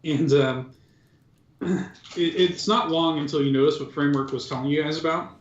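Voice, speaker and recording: A man's voice: a little high, fairly even intonation, moderate pace. A man narrating as game master of a tabletop game, in a casual, loose way with many fillers. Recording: dull, roomy recording.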